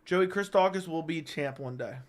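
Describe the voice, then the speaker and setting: A man's voice: a little high, moderate pace. Joking young man hosting a live chat. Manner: rambling, joking, reads viewer comments aloud. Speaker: host of a live chat stream. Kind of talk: casual live-stream chat.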